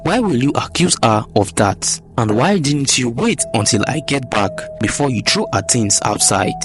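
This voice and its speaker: Man voicing a stern questioning husband, lively delivery, storybook tale. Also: mid-range voice, moderate pace, music in the background, lightly acted. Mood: demanding. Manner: demanding, questioning. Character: stern husband, demanding answers.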